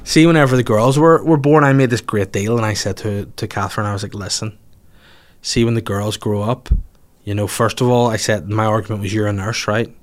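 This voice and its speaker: A man's voice: lowish voice, fairly even intonation, brisk. A man telling a long, rambling story in casual chat, swearing and laughing at himself as he goes.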